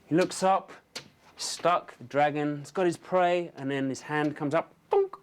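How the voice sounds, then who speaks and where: A man narrating a storyboard pitch in brisk play-by-play, punctuated with spoken sound effects. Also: fairly even intonation, clean tone. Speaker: story artist pitching a scene.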